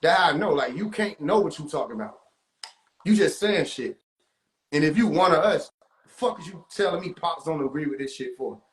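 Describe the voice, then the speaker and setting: High-voiced man ranting on a livestream. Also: moderate pace, echoey room, low-quality recording. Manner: animated, laughing often, profane slang. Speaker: livestream host. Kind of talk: casual livestream rant. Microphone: phone.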